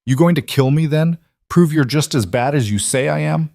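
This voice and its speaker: A man's voice: medium pitch, expressive, moderate pace, dry recording, clean studio sound, natural voice. A man voicing a cruel, arrogant young nobleman soldier who talks with sneering contempt. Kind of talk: scripted storybook voice.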